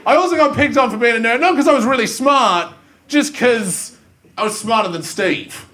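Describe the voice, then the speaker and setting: A young Australian man doing a self-mocking stand-up comedy set, animated and full of silly voices, in front of a live school audience. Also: very high-pitched, normal speed, a crowd in the background. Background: faint audience ambience and laughter.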